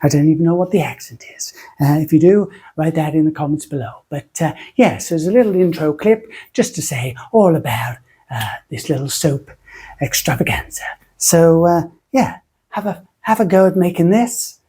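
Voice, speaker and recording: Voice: mid-range voice, expressive, moderate pace, warm tone, slightly rough. A soap-making tutorial host from Britain, chatting in a rambling, self-mocking way while using a put-on funny voice. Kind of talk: casual rambling tutorial chat.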